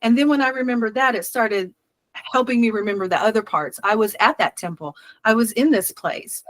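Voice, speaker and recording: A woman guest in a casual interview, telling a personal story with lively quoted voices and frequent laughter. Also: fairly high pitch, fairly quick, dry recording. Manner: animated, laughs often, acts out quoted voices.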